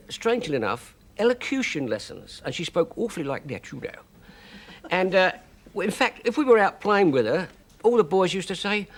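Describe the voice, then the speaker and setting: A man's voice: a little high, fairly bright tone. A man telling a childhood story on a chat show, chatty and full of little fillers. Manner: chatty, lots of "you see", hesitant fillers. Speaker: guest storyteller.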